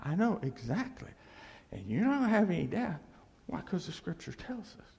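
A man preaching in a loose, conversational way, with a heavily gravelly, husky voice pitched a little high. He repeats key phrases and keeps asking "okay?" and "see?", and his voice rings out in a long hall echo. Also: sing-song, normal speed, a little mellow. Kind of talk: conversational sermon.

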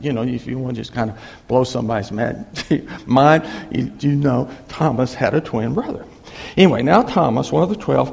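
A middle-aged man preaches with a folksy, animated delivery, slipping into quick acted-out quotes and little laughs. His voice sits a touch high and carries a gravelly edge, and it rises and falls widely. It rings with the long reverb of a large church hall. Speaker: pastor. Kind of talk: sermon.

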